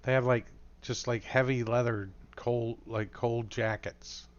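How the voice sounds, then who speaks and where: A man's voice: mid-range voice, little pitch movement, unhurried. Male game master, casual and rambling, muffled voice-chat audio. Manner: casual, rambling, many fillers. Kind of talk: narrating a tabletop game.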